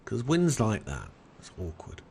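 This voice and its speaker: An Englishman with an English accent giving relaxed let's-play commentary in a soft, soothing, unhurried way. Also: on the low side, vocal fry, a little hiss or hum. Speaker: game commentator.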